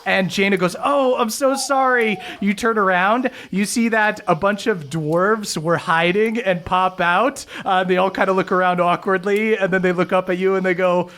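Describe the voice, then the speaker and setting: A man's voice: sits high, fairly even intonation, normal speed, few pauses, a bit bright. A man narrating a tabletop game as game master, in a loose, chuckling way with many fillers.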